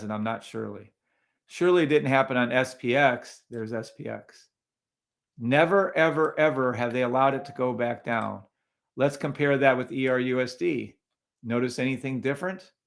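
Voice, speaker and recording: A man's voice: medium pitch, vocal fry. A man hosting a live trading stream, talking casually over charts and greeting viewers in the chat, often sounding incredulous.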